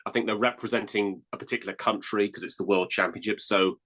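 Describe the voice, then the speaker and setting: A man guesting on a podcast, casually giving quick, opinionated explanations as a reviewer. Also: lowish voice, steady tone, a bit bright. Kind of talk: casual chat.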